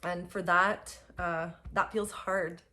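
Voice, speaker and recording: A young adult woman telling a personal spiritual story, emphatic and full of fillers and soft laughs. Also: lowish voice, steady tone, slow pace. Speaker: spiritual guide.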